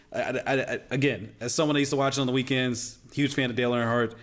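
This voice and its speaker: A man's voice: medium pitch, steady tone, quick pace, fairly bright tone. An American man with a Southern accent, co-hosting a casual sports chat in an easygoing, teasing way. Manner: easygoing, teasing, urges others along. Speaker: co-host.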